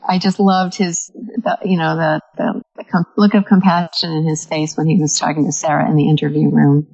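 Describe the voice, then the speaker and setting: A woman's voice: deep voice, little pitch movement, moderate pace, darkish tone, slightly rough, no room sound, lo-fi sound. A woman chatting on a podcast panel, laughing easily. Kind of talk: casual podcast chat.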